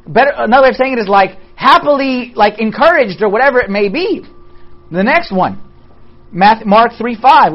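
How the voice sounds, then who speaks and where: Joking with the group, a Bible study teacher runs the class in a lively way, raising rhetorical questions only to answer them. The mid-range voice comes through on a dull, low-fidelity recording.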